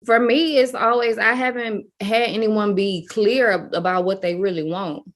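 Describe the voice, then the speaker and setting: A woman's voice: medium pitch, steady tone, moderate pace. Candid Southern woman, podcast guest. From Louisiana. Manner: candid, emphatic, Southern slang. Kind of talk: casual podcast chat.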